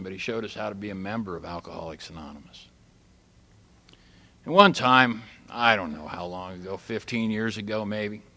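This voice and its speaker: A man's voice: on the low side, vocal fry, sharp tone. An older man speaking plainly and folksily to a recovery meeting, telling stories and jokes. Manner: folksy, plain-spoken, tells jokes and quotes others. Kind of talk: storytelling talk to a live group.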